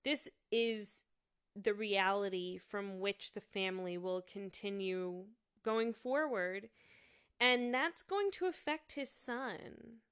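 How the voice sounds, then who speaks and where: Woman commentator, reflective and hesitant, measured slow pace, smooth tone. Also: mid-range voice, fairly bright tone. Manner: thoughtful, halting, with many fillers and restarts. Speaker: commentator reviewing a show. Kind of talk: casual spoken commentary.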